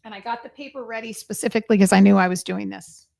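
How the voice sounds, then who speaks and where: A woman hosting a live stream as a psychic reader, chatting casually and excitedly with her viewers. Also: medium pitch, fast, creaky, dry recording, clean studio sound.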